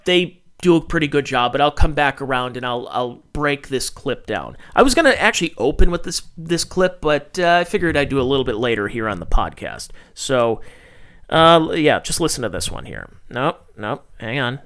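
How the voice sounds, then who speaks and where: A man's voice: mid-range voice, sing-song, moderate pace, a bit bright. A man in his thirties hosting a solo podcast, rambling, swearing freely and correcting himself as he talks. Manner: rambling, profane, corrects himself mid-thought. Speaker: podcast host.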